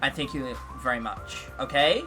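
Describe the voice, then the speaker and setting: A man's voice: mid-range voice, moderate pace, sharp tone, soft background music. A young English man chatting on a casual livestream, joking and self-mocking. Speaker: streamer.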